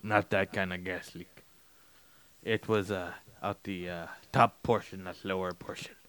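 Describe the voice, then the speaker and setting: A man's voice: low voice, fairly even intonation, a little slow, a bit bright, smooth, no room sound. A man co-hosting a podcast in casual chat, mostly giving short reactions and asking curious questions. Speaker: podcast co-host.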